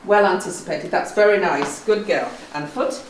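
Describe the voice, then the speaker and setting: A woman's voice: on the low side, moderate pace, reverberant, recorded from a distance, noisy background. A woman training her young horse, calling short praise and commands and explaining to the camera. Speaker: horse owner and vlogger. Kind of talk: casual training commentary. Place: stable yard with a horse.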